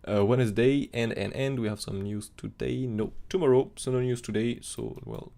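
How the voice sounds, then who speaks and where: Fast-talking gravelly male crypto streamer. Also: medium pitch, steady tone, mellow. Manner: fast, rambling, non-native phrasing with fillers. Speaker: crypto chart analyst streamer. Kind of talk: live-stream technical analysis chat.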